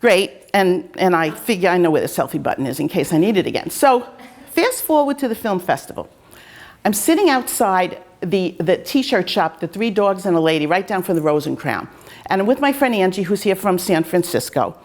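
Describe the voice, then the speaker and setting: A woman's voice: fairly low pitch, expressive, normal speed. A woman host, a fencing coach, telling casual anecdotes in a chatty, self-deprecating way.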